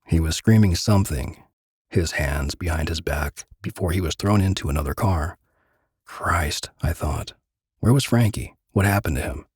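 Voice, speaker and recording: A man reading a gritty first-person crime story aloud in measured, dramatic narration. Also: low voice, darkish tone, breathy edge, no echo, studio quality.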